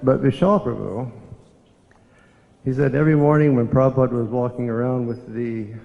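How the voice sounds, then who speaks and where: An older man from the States, telling reflective stories in a devotional memorial talk, unhurried and reminiscing. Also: medium pitch, vocal fry. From Southern United States. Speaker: monk giving a memorial talk. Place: temple hall. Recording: echoey hall, dull lo-fi sound.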